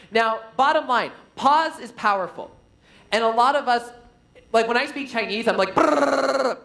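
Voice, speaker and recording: A man presenting a storytelling workshop, playful and animated, joking with his audience. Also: sits high, reverberant, poor audio. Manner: playful, animated teacher who jokes with the audience. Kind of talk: live storytelling workshop talk. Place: conference hall.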